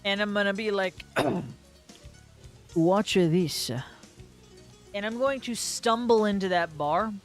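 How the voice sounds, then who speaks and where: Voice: mid-range voice, slow pace, pauses often, faint music behind. A player describing their character's actions in a tabletop game, in a casual, rambling way with some swearing.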